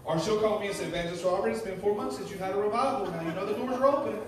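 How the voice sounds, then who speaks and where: Fervent evangelist man shouting praise. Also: high-pitched, very fast, hardly any pauses, a crowd in the background. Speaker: evangelist preacher. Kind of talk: preaching and praise. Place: church sanctuary. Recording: echoey church from a distant mic, with music.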